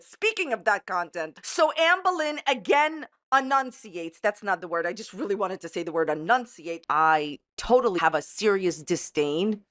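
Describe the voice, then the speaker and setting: A woman's voice: fairly high pitch, fairly bright tone. A woman ranting in a sarcastic, catty YouTube commentary, mocking with a repeated running joke. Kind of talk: casual commentary rant.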